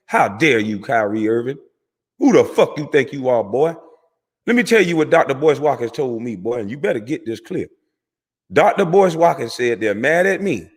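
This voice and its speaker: Man, former pro athlete, angry preachy rant full of swearing, mid-pitched voice with long reverb behind it. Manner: heated, profane, preachy, repeats for emphasis. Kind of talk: impassioned rant to camera.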